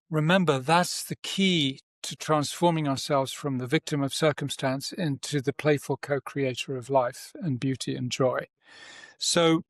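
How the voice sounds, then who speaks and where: A man's voice: a little high, dry recording, clean studio sound. A man, a breathwork teacher and author, explaining at length as a podcast guest, posing rhetorical questions and repeating key phrases.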